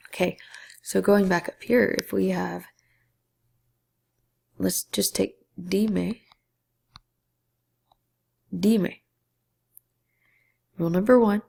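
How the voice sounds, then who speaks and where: A woman's voice: medium pitch, creaky, darkish tone, breathy edge. A woman teaching a Spanish grammar lesson, explaining patiently step by step and sometimes dropping to a whisper on key syllables.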